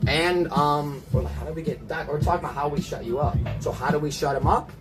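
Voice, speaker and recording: Male streamer, slightly high voice, meandering profane rants, loud music bed. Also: quick pace. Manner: rambling, profane, animated storytelling. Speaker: livestreamer. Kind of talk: casual livestream chat. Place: apartment. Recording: loud music playing under the voice.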